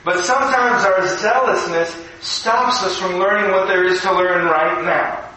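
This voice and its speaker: High, bright-voiced man preaching in an echoey room. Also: a little slow, far from the mic. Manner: storytelling, conversational, acts out quotes. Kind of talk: recorded devotional sermon.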